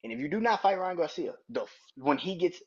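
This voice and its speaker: A man's voice: a little high, expressive, fast talker, a little mellow, husky. A man hosting a solo sports podcast, ranting in a heated, profane, emphatic way. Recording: dull lo-fi recording.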